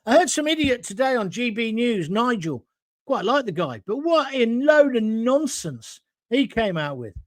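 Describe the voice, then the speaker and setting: This middle-aged man from England runs a live-stream show from his home, where he's alone, reading out viewer comments in a blunt, combative rant peppered with jokes. He speaks at a normal speed in a very high, sing-song voice, captured with studio quality and no room sound.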